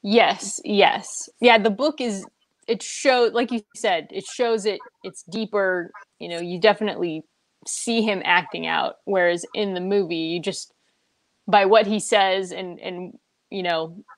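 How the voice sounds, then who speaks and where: A woman's voice: mid-range voice, fairly even intonation, unhurried, no echo. A woman hosting a casual book discussion, chatty and laughing often between her points.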